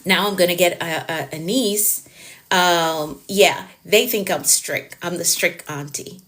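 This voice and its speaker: A middle-aged woman with a Jamaican accent, a productivity coach who talks quickly and passionately to her viewers on a live stream. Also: lowish voice, fairly bright tone. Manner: fast-talking and passionate, addresses viewers directly.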